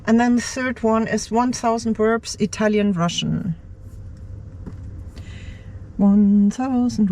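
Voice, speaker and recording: A woman's voice: medium pitch, dark tone, slight background noise. A woman vlogger in her car's driver's seat, thinking aloud as she works. She mutters to herself, hesitates and repeats words. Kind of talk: thinking aloud while working on a computer.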